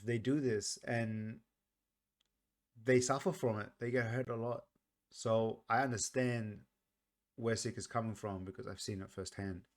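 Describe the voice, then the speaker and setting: A man with a slightly low voice gives casual song commentary. He sounds earnest and soft-spoken, thinking aloud and often stopping to restart a sentence. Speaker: music reaction vlogger.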